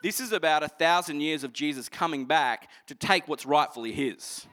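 Earnestly unpacking scripture, a male preacher shifts back and forth between energetic and hushed stretches of his sermon. He speaks at a normal speed in a voice on the high side.

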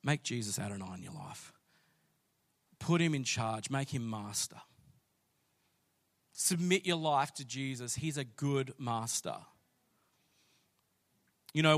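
A man, preaching a sermon and telling a story with rising passion. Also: mid-range voice. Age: late 30s. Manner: storytelling, builds to loud passionate declaring. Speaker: pastor.

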